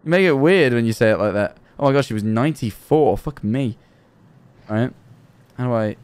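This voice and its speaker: Young man, horror game stream commentary, nervous, jumpy, swears, mid-pitched voice. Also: animated, a little fast, a little mellow, smooth, dry recording. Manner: jumpy, nervous, swears often, talks to himself. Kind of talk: live gameplay commentary.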